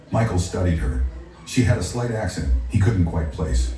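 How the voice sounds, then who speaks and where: A man narrating a scripted story in a steady, dramatic way. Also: low-pitched, brisk. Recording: echoey, distant, faint music.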